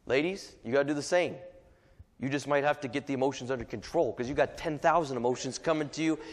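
A man's voice: mid-range voice, fast talker, big-room sound. A man preaching a sermon in a casual, joking way, acting out little asides and voices as he goes.

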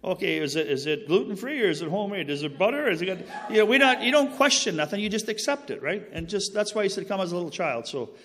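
Barely pausing, a man talks fast in a high, fairly bright voice with lively intonation, his faith testimony echoing in a big-room sound. It's earnest, preachy, casual storytelling that drifts onto tangents, with apologies afterward and key phrases emphasized.

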